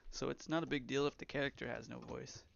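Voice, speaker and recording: Gravelly young man streaming casually. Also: mid-range voice, steady tone, fast talker. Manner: rambling, reads chat aloud. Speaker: game developer streamer. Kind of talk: casual live-stream chat. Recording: slightly dull, lo-fi stream audio.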